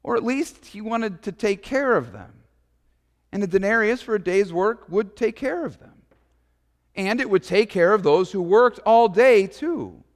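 A man's voice: high-pitched, animated, measured pace, in a large hall. A man, a pastor, preaching a sermon in a conversational, storytelling way with casual asides.

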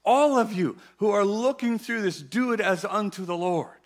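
A man preaching a sermon in a church, animated and playful, with emphatic, sudden loud bursts. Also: high-pitched, moderate pace. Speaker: guest preacher.

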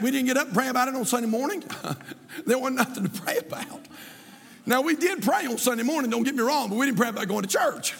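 A man preaching as a pastor, building to shouts and repeating his points. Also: very high voice, creaky, in a large hall. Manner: impassioned preaching, often shouting, with repetition. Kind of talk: sermon. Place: church sanctuary.

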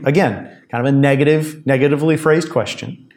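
A man's voice: mid-range voice, a little fast, darkish tone. A man preaching a conversational sermon as a pastor, reading and explaining scripture. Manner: conversational Bible teaching, reads scripture aloud.

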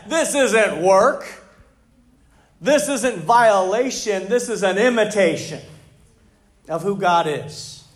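A middle-aged man preaching a sermon as pastor, conversational and animated, full of rhetorical questions to the congregation. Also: high-pitched, takes it slowly.

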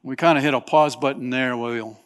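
A male pastor preaching a sermon, telling stories animatedly and acting out voices with sudden shouts. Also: medium pitch, steady tone, moderate pace. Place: church sanctuary. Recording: long hall reverb.

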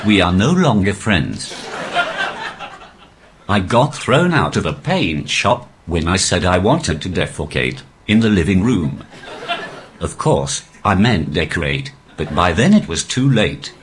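A male comedian's stand-up comes through a posh, robotic synthetic voice that sits very deep. The delivery stays deadpan and evenly paced, yet the pitch rises and falls in lively swings. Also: measured pace, background noise. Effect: synthetic text-to-speech voice. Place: live comedy venue.

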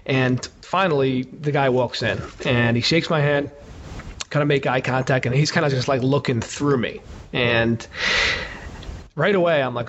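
A man's voice: mid-range voice, fairly even intonation, a little slow. A man telling a candid story as an interview guest, casual and profane, with many fillers. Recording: muffled with clear background noise.

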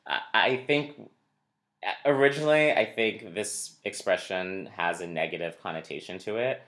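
A man's voice: lowish voice, moderate pace, fairly bright tone. A man co-hosting a casual podcast chat, talking in a rambling, digressive way. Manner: rambling, digressive, many fillers and restarts. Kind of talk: casual conversation.

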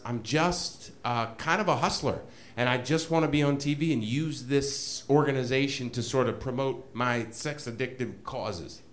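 A man telling a comedic story to a live audience, animated and self-mocking, laughing often as he goes. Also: medium pitch, slight background noise.

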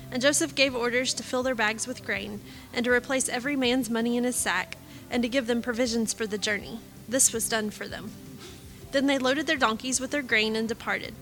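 A woman reading scripture aloud in a measured, steady way. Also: on the high side. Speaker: scripture reader.

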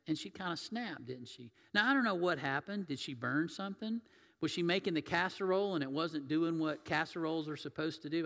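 In a reverberant church sanctuary, a male pastor preaches a sermon in a conversational way, putting questions to the congregation. His voice is on the high side and a bit bright, with vocal fry, and the hall's long reverb is audible.

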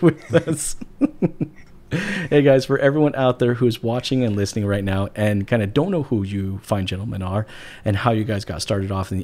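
Male podcast host, low voice, chatty and jokey, casual restarts. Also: darkish tone. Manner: upbeat, joking, halting restarts.

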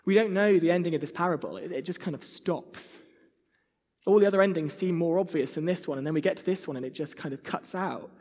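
Earnest preacher in a reverberant hall. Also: male voice, a little high, quick pace, a little mellow. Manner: earnest, acts out whiny child voices. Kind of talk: sermon.

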